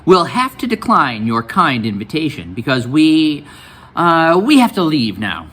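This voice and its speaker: A man's voice: wildly swooping pitch, a little slow, fairly bright tone, husky, full character voice. A man doing a nervous, overly polite boy. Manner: formal, chattery and high.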